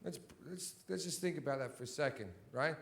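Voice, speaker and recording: This thirtysomething comedian works a big sold-out theatre with a brisk, fairly high-pitched voice. His stand-up is a profane rant that often swells to a shout.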